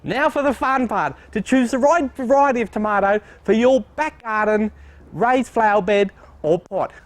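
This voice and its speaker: Goofy high-voiced man joking. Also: normal speed. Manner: goofy, playful, cracks silly jokes. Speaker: co-host asking questions. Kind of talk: tongue-in-cheek comedic banter. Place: outdoor plant nursery.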